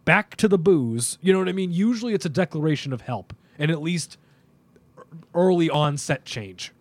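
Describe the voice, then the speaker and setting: A young man co-hosting a podcast, talking in an animated, opinionated, rambling way with plenty of fillers. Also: on the high side, normal speed. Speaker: podcast co-host. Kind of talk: casual podcast chat.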